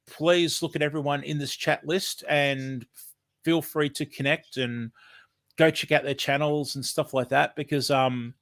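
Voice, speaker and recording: An Australian man with a slightly higher-than-usual voice, talking in a loose, rambling livestream chat full of ums and fillers. He sounds a little sniffly, as if from hay fever. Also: fairly bright tone. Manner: rambling and friendly, many ums. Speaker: livestream host.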